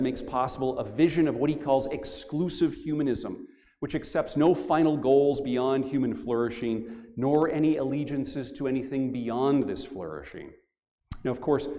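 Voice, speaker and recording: A man's voice: mid-range voice, dark tone. Middle-aged man lecturing in a reverberant church. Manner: measured, emphatic delivery with deliberate pauses. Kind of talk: formal academic lecture. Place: large church.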